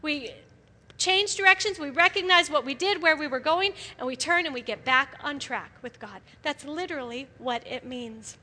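A middle-aged woman giving an animated sermon to a gathering of women, often laughing as she speaks. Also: high voice, moderate pace. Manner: animated, laughs often, acts out quoted voices. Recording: live hall with long reverb.

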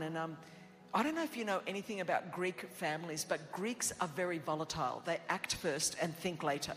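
An Australian woman preacher telling a personal story in a sermon, animated and self-mocking, acting out what people said. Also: fairly low pitch, big-room sound.

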